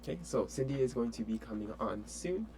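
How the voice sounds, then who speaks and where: A man teaching an online French lesson in a relaxed, chatty way with many fillers. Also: mid-range voice, fairly quick, gravelly, a little hiss or hum.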